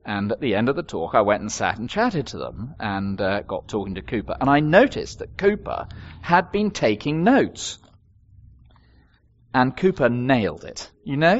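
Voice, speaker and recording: A man's voice: medium pitch, highs cut off. An older man preaching a sermon, telling stories with wry humour. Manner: expressive storytelling with wry humour.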